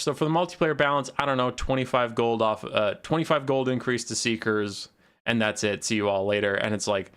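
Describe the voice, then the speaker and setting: A man's voice: medium pitch, a little fast, fairly bright tone, clean tone. A young man casting a strategy game on a live stream, talking in a loose, rambling, sarcastic way. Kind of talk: casual live stream commentary.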